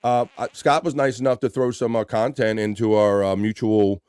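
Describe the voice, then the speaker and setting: A man's voice: on the low side, steady tone, moderate pace, a little mellow, clean tone, no echo, clean studio sound. A man hosting a livestream in a casual, laid-back chat, reading out viewer comments and swearing freely. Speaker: livestream host.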